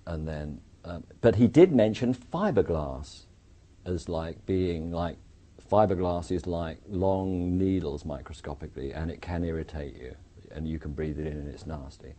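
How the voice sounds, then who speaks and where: An English man with a deep, mellow voice tells his story in a casual interview. He moves between plain retelling and lively bits where he acts out what others said. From England. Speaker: interview guest, architect.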